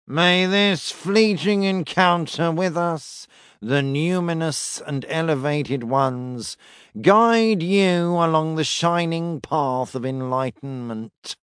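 A man voicing a pompous male temple tender who intones slowly in a flat, monotone, vaguely nasal voice. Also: a little high, smooth, no room sound, studio quality, pitched above the performer's own voice. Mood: solemn. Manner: slow, solemn intoning.

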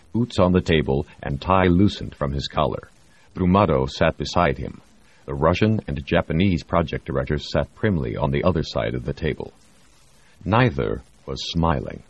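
A man reading a novel aloud as narrator, measured and expressive. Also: very deep voice, husky, no echo. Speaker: audiobook narrator. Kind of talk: scripted narration. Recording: dry, slightly muffled audio.

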